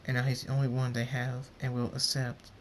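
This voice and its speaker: A man voicing a gentle, timid mother pony in a storybook reading. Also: medium pitch, completely flat delivery, brisk, slight background noise, natural voice. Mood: sorrowful.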